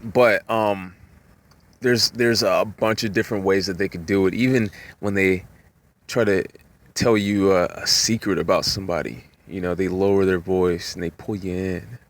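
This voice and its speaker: Man, lowish voice, casual rambling monologue, lots of fillers, sudden high acted-out voices. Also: fairly even intonation, moderate pace. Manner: rambling, many "you know" fillers; acts out voices with jumps in pitch.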